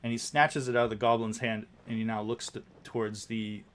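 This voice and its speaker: A man narrating as game master, describing scenes slowly with frequent fillers and restarts. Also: on the low side, flat delivery, fairly bright tone. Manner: descriptive, halting, many fillers.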